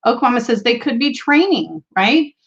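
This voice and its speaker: A woman with a slightly high voice hosts a tarot livestream from home. She chats casually, laughs often and reads out viewer comments. Her audio comes through dull and lo-fi. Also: big pitch swings, normal speed, vocal fry. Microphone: streaming setup mic.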